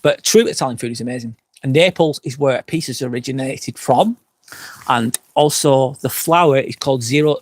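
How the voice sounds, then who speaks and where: Out by the fire pit of a glamping site, an English vlogger who's had a few drinks hosts a live stream, reading viewer comments aloud and veering into rambling, profane rants. He has a mid-range voice at normal speed, with no echo.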